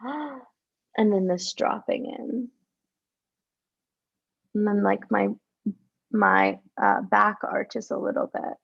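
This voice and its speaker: A woman love coach guiding listeners through a visualization, speaking softly and encouragingly with gasps and repeated words. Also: mid-range voice, creaky. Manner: soft, encouraging, with gasps and drawn-out sighs. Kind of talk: live-streamed guided visualization. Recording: dull lo-fi stream audio.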